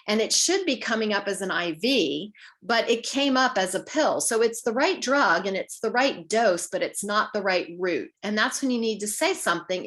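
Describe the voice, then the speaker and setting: A woman's voice: a little high, a bit bright. A woman speaking as a patient advocate to a community group, practical and conversational, acting out short exchanges with nurses and doctors. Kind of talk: informal talk to community group.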